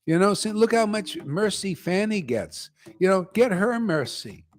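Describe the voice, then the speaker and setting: Blunt, high-voiced older man ranting. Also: sing-song, a little slow. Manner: blunt and ranting, slangy, keeps saying "man". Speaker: spiritual teacher leading a chanting gathering. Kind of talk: informal devotional talk.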